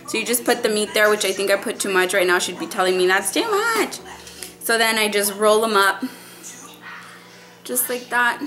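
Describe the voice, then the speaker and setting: A woman's voice: mid-range voice, sharp tone. A young pregnant woman vlogging in her home kitchen, chatting to her viewers like family as she cooks. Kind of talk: casual cooking vlog. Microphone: phone camera.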